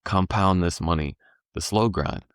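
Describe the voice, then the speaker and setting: A man's voice: deep voice, unhurried, dry recording, studio quality. A man talking casually as a podcast guest, telling stories in a laid-back, slangy way. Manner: laid-back slangy storytelling, animated when voicing the market.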